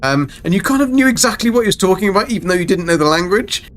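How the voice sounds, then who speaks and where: A man's voice: high-pitched, expressive, very fast, fairly bright tone, slight background noise. A man chatting casually and rambling through a live game stream. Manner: chatty, rambling, self-mocking.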